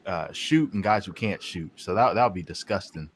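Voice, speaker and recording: A man's voice: sits low, normal speed. A man co-hosting a casual sports chat, stammering and laying out his points one by one. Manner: repeats words, lists points by number. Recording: faint background noise.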